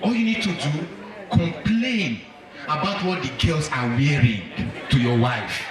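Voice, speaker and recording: Animated male stand-up comic in an echoey club. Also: fairly high pitch, unhurried. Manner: animated, addresses the men in the audience directly. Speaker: stand-up comedian. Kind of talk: stand-up comedy storytelling. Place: comedy club stage. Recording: echoey live club, from far off, crowd.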